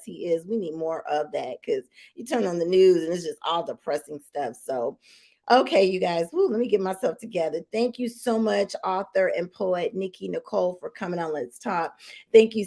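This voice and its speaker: A woman's voice: lowish voice, mellow. A woman hosting a talk show, laughing often and speaking with upbeat enthusiasm. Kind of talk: casual talk show interview.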